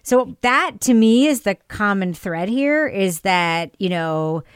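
Woman, podcast host, casual discussion, animated, rising questions, mid pitch, dry close recording. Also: slow pace, clear, resonant tone, no room sound.

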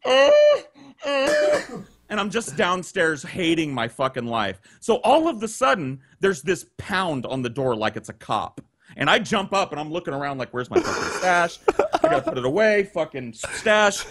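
A man telling a long story on a podcast, animated and profane, acting out the people he quotes, on a video call. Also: fairly high pitch. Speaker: guest storyteller.

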